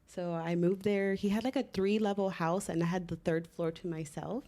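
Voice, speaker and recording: A woman in her twenties from Miami, a podcast guest telling lively stories and laughing often. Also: lowish voice, normal speed. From Miami, Florida. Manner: laughing storyteller, lively anecdotes. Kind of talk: casual podcast chat.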